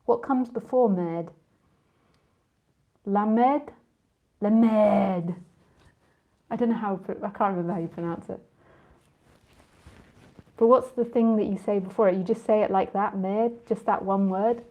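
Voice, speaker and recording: A woman's voice: mid-range voice, normal speed, narrow, tinny audio. A woman spiritual teacher in a casual live talk with listeners, rambling and chatty, often laughing and drifting off on tangents.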